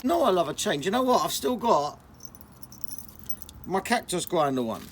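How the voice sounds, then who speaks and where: A young man, chatting casually and excitably on a vlog, full of slang. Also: high voice, moderate pace, a little hiss or hum. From England. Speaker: vlogger.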